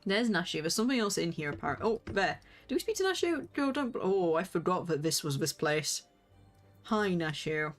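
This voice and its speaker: Excitable woman streaming a game. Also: fairly low pitch, fairly quick, faint music behind. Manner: excitable, jumps into squeals and gasps. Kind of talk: casual game livestream chat.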